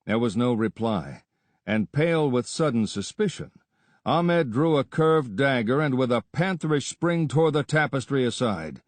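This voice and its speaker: A man narrates an adventure story in a steady, measured reading voice of middle pitch. The recording is close and dry, with no room around it. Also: no room sound. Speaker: audiobook narrator. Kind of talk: scripted narration.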